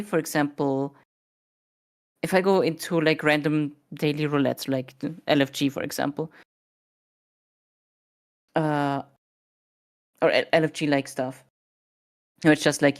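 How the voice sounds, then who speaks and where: A sleepy woman chatting casually on a stream, rambling and hesitating with many fillers. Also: sits low. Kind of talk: casual chat.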